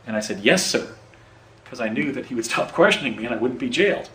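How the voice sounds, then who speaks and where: He talks in rapid-fire bursts with lively intonation, his medium-pitched voice a bit bright, as he rambles through his own story outdoors. Self-corrections and restarts come often in this unscripted first-person account, captured by a distant mic with roomy echo, faint ambience, and a little hiss or hum.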